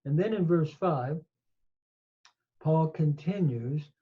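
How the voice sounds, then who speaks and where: A Bible teacher with a slightly high, husky voice, recorded in lo-fi audio, gives a Greek grammar lesson on scripture. He walks through verb forms step by step, slowly and methodically, using filler words along the way.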